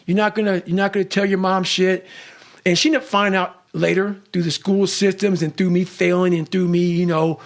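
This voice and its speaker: Man, middle-aged, high-pitched, gravelly, blunt, constant swearing, intense motivational monologue, growls and shouted bursts. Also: little pitch movement, fairly quick, dry recording, clean studio sound. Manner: sudden swings between growls and shouted bursts. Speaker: motivational speaker.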